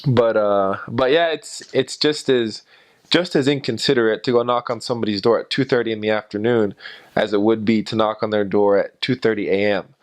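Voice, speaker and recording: An American man, a former missionary, telling anecdotes in a halting way with many fillers. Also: lowish voice, steady tone. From United States. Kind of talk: personal anecdotes in an interview.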